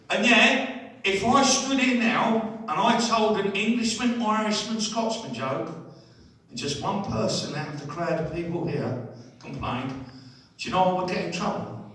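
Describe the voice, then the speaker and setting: A man's voice: sits high, a bit bright, very echoey, far from the mic. A man, doing a live stand-up routine and chatting with the crowd. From England. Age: 60s. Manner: chatty, keeps asking the crowd "right?". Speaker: stand-up comedian. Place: holiday village entertainment hall.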